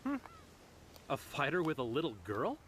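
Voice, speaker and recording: An actor playing a skeptical cop who talks in a dry, wry way, in a dubbed animated film. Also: male voice, a little high, normal speed, a little hiss or hum.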